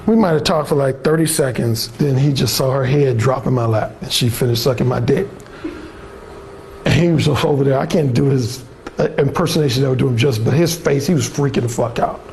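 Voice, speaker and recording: A man's voice: mid-range voice, fairly quick, darkish tone, slight background noise. An older man telling a crude, swaggering story in a blunt, casual way as a dating coach.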